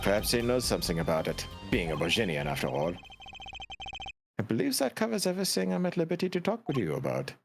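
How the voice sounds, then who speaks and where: A man voicing a suave, teasing young male prosecutor, reading game dialogue aloud with a smooth, mildly mocking delivery. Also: fairly low pitch, big pitch swings, fast talker, over music. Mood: cool.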